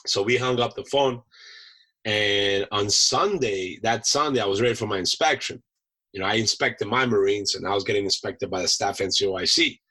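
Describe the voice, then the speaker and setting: Male podcast guest, husky and forceful, casual animated storyteller. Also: fairly low pitch, normal speed, poor audio. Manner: animated storyteller, peppers talk with "man" and "you know". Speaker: podcast guest, chef and Marine veteran. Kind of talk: casual anecdote-telling in an interview.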